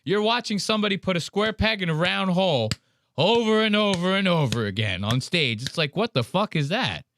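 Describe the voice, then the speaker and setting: A man's voice: high voice, brisk, slight background noise. A man hosting a podcast, ranting in casual chat with lots of swearing. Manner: profane, ranting, animated. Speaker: podcast host.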